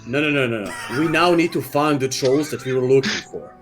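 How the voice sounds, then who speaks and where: Man player, casual, planning, quick stacked no's, faint music behind. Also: mid-range voice, a bit bright. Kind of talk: casual tabletop play.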